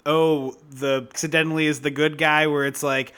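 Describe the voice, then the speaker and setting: A man's voice: mid-range voice, little pitch movement, moderate pace, a bit bright, smooth. A man co-hosting a podcast, riffing on a horror movie in casual chat with sarcastic asides and frequent laughs. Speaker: podcast co-host. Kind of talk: casual comedic movie discussion.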